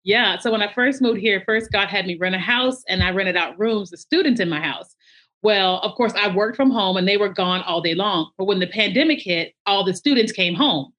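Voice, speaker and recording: A woman consultant telling stories as a podcast guest, animated and acting out what people said. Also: mid-range voice, normal speed. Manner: animated, acts out quotes. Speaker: branding and marketing consultant, guest. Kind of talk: interview storytelling.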